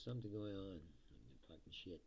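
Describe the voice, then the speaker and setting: A man's voice: sits low, fairly quick, darkish tone, a little hiss or hum. A male comedian hosting a casual livestream, swearing, joking sarcastically and laughing often as he reads viewer comments. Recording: dull lo-fi stream audio.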